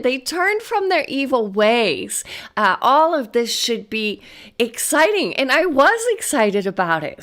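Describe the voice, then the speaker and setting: A middle-aged woman teaching a casual Bible study, thinking aloud, asking questions and laughing lightly. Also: medium pitch. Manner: reflective, asks herself questions, laughs lightly.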